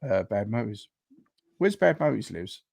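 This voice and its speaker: A man's voice: lowish voice, sing-song, a little slow, creaky, darkish tone, no room sound, studio quality. A man, co-hosting a casual podcast, rambling through stories and laughing often. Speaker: podcast co-host. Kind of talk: casual chat.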